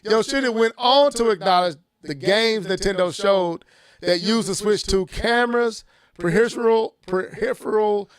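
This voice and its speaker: A man hosting a casual gaming podcast, reading news aloud and reacting with animated outbursts that climb into shouts. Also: high-pitched, moderate pace, a crowd in the background. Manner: animated, rises to shouting when worked up. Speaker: podcast host.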